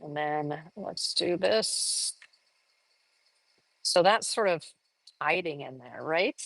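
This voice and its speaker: A woman's voice: deep voice, slow, vocal fry, long pauses, a bit bright, no room sound. A woman giving a live art lesson, chatting enthusiastically and thinking aloud as she works on a collage. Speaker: art teacher.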